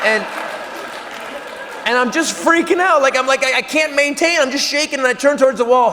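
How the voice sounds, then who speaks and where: A stand-up comedian telling a story on a live stage, loud and animated, dropping to mumbled self-talk. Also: male voice, sits high, quick pace, some chatter behind. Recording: live hall reverb with audience noise.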